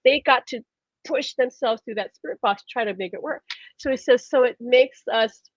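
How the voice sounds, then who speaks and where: A woman hosting a live stream, telling stories in a lively, casual way and laughing often. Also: fairly high pitch, normal speed, slightly rough, no room sound. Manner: animated storyteller, laughs often. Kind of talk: casual chat. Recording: dull lo-fi stream audio.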